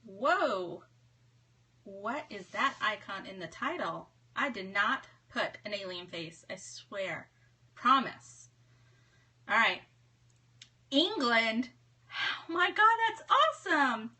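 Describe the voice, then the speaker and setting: A woman's voice: a little high, very animated, slow pace, long pauses, pushed and bright, husky. A woman in her thirties hosting a casual live stream from her home office, chatting and greeting viewers by name in a bubbly way. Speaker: livestream host.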